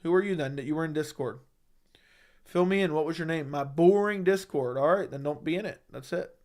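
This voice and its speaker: A man's voice: fairly high pitch, a little fast. Blunt, profane man chatting on a livestream. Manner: blunt and profane, talks back to chat. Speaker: livestream host reading viewer comments. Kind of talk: casual livestream chat. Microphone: studio microphone at a desk.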